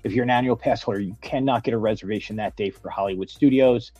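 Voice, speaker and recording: A man's voice: on the low side, fast talker, a little mellow, no room sound. A man co-hosting a casual news podcast, reading items aloud with fillers and small slips. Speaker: podcast co-host. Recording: dry, dull lo-fi podcast audio.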